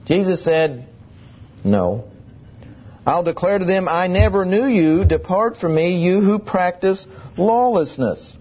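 A man's voice: high voice, measured pace, hardly any pauses, breathy edge, lo-fi sound. A man preaching a sermon, emphatic and full of rhetorical questions.

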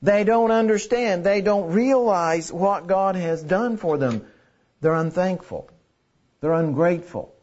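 A man's voice: high-pitched, a little mellow, muffled recording. A man preaching a sermon in an earnest way, repeating key phrases for emphasis. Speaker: pastor.

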